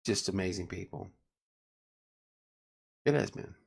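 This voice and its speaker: A man's voice: low voice, animated, unhurried, vocal fry, husky. A tired man hosting a casual late-night livestream, joking around and reading viewer comments aloud. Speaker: livestream host.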